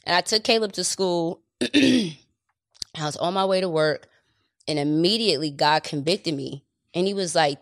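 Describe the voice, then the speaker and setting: A woman's voice: lowish voice, moderate pace, dry recording, clean studio sound. A woman co-hosting a podcast, chatting earnestly about faith and telling stories with acted-out quotes. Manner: earnest, storytelling, acts out quotes. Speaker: podcast co-host. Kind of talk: casual faith chat.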